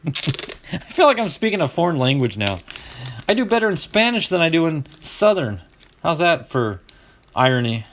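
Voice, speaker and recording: A middle-aged man hosting a casual stream, opening card packs and chatting with viewers, getting excited over each card. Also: mid-range voice, measured pace, long pauses. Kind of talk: casual live-stream chat.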